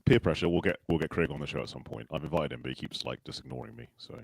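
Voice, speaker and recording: Host type, male, very low gravelly voice, lively and quick, dry close sound. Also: dry recording. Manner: joking, quick, laughs often. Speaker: show host. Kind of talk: casual live-stream chat.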